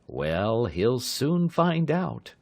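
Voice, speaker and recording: A man voicing a gruff, dry-humored police sergeant with curt, clipped lines. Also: on the low side, animated, takes it slowly, a little mellow.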